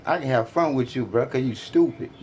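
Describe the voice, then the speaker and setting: A man's voice: medium pitch, normal speed, a little mellow, slight background noise. A man trash-talking another player during an online game, taunting and mocking with repetitive jeers.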